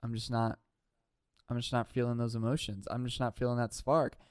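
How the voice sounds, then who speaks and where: A man mimicking an emotionally cold young male reality-show bachelor, speaking flatly and detachedly. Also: medium pitch, fairly quick, clean tone, no echo, clean studio sound, voice pushed down, natural voice.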